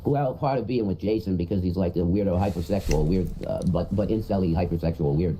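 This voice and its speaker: A man's voice: low voice, brisk, warm tone, a little hiss or hum, low-quality recording. A man on a livestream, rambling crudely and repeating himself in casual chat.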